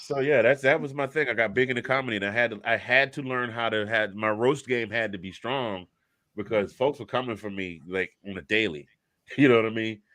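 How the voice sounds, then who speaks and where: Fifties man, casual podcast co-host, mid pitch, dry close sound, laughs through his stories. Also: a little fast, a bit bright, no room sound. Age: 50s. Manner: storytelling, laughs often. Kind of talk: casual chat.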